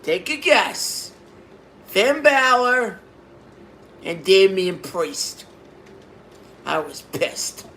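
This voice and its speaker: Excitable high-voiced man reviewing. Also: drawn-out words, pauses often, slight background noise. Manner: excitable, repeats himself, bursts into exclamations. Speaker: wrestling show reviewer. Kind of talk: casual video review.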